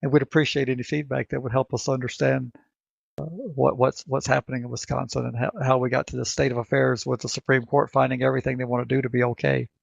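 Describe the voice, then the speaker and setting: A man with a Southern accent co-hosting a podcast, talking in a halting way and often repeating words as he thinks. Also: medium pitch, flat delivery, gravelly, no room sound. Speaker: co-host. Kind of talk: casual podcast chat. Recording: dry, dull lo-fi sound.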